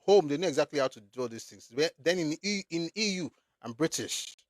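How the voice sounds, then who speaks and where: A man's voice: on the high side, expressive, a little fast, no room sound, studio quality. A man with a Nigerian accent delivering a blunt, emphatic political commentary monologue, repeating phrases for effect.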